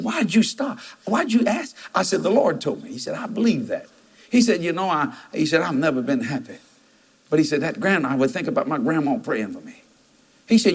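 A man's voice: high-pitched, husky. A man, preaching a storytelling sermon and jumping into quoted voices with laughter.

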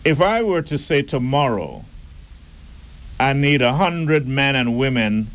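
A man giving a deliberate, emphatic public address and asking rhetorical questions. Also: medium pitch, very animated, low-quality recording. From Turks and Caicos Islands.

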